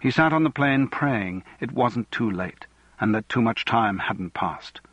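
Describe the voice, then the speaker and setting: A man reading a novel aloud as audiobook narrator, measured and even. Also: medium pitch, husky, dry recording, dull audio. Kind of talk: scripted narration.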